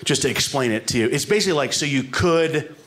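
A man's voice: mid-range voice, fast talker, fairly bright tone. A man doing a rambling, self-deprecating stand-up routine on a comedy club stage, speaking into a handheld mic. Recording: live comedy set with room noise.

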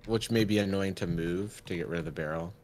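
A young man in casual gaming chat with friends, joking and rattling off quick explanations. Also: deep voice, darkish tone, slight background noise. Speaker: streamer playing with friends.

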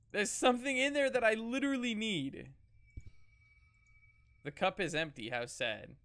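Excitable male horror-game streamer, bright, gravelly, lively cursing self-talk. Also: high-pitched, measured pace, long pauses. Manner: excitable, swears and laughs, talks to himself. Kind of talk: horror game let's play commentary.

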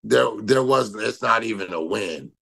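Man, 30s, from Minnesota, gravelly, bright tense tone, casual boastful interview talk. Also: lowish voice, animated, unhurried. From Minnesota, USA. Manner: loose, boastful, lots of filler and repeats. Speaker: pro bodybuilder guest.

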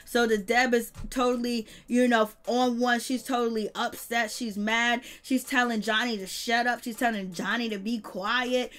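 A woman's voice: fairly high pitch, flat delivery, moderate pace, few pauses, fairly bright tone. A woman giving a casual recap of a reality show episode, blunt and slangy, swearing freely.

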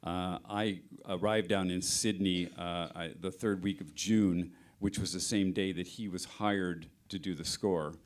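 A man's voice: deep voice, steady tone, measured pace. A middle-aged man, a film sound mixer, explaining his work at a panel interview, hesitant with many restarts.

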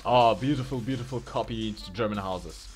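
A man's voice: lowish voice, a little mellow, faint music behind. A man commenting live on a video game match with playful, joking banter. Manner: playful, jokey, fast banter. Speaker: esports commentator.

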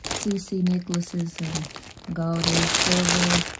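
A woman's voice: on the low side, monotone, slow, very noisy. A woman vlogger chatting casually to her viewers, blunt and chatty, swearing freely and often laughing. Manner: laughs often while talking. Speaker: lifestyle vlogger. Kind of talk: casual chat to camera.

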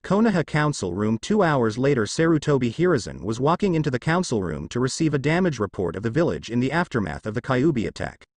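A man narrating a fanfiction audiobook in an even storytelling read. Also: medium pitch, quick pace, few pauses, dry recording.

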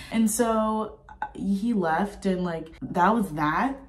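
A woman in her twenties telling a storytime in a casual travel vlog, animated and profane, full of fillers and a bit sick with a cough. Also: medium pitch, takes it slowly, distant mic. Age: 20s. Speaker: vlogger.

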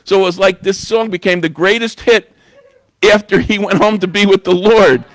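A man's voice: high voice, moderate pace, no room sound. A man preaching a sermon in church, talking in a conversational way and often asking "you know?". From New York. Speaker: guest preacher.

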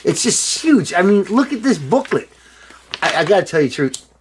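A tipsy middle-aged man rambling excitedly in a casual video monologue, swearing and breaking into loud outbursts. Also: high voice, normal speed, background noise. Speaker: former band member showing a reissued album.

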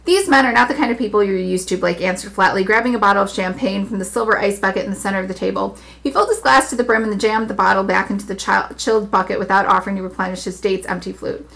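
A woman hosting a book club, reading a novel aloud with steady narration. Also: medium pitch, fast, gravelly, hardly any pauses.

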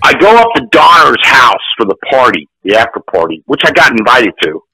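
Older man, sixties, gravelly, bright, profane storyteller, animated. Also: medium pitch, brisk, poor audio. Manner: profane, animated, acts out quotes. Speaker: actor guest. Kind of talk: casual storytelling.

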